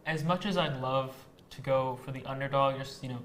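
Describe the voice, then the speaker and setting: A man's voice: medium pitch, a little fast, fairly bright tone, roomy sound. A man giving his football picks in casual banter, offhand and hedging.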